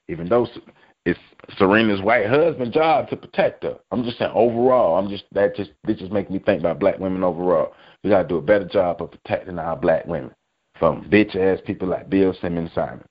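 Angry, profane male podcast host. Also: fairly low pitch. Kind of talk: profane sports rant. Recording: dull lo-fi audio.

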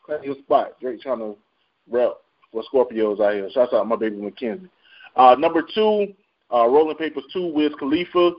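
Speaking at normal speed with a medium-pitched voice, a man hosts a casual radio-style chart show. Slang, jokes, and plenty of laughs fill the rundown, which comes through with dull lo-fi sound.

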